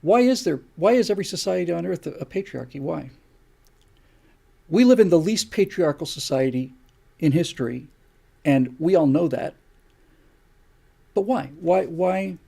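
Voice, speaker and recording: An older man holds forth on his live stream, lecturing and firing off one rhetorical question after another. His voice is gravelly, husky and dark. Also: on the high side. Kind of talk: opinion monologue on a live stream.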